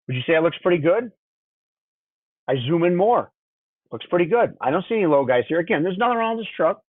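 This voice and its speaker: A man's voice: a little high, no echo. A man teaching diesel engine diagnostics in a conversational webinar, checking in with listeners by asking "okay?" and "would you agree?". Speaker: diesel technician instructor. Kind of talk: technical webinar walkthrough. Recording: dry, tinny phone-like audio.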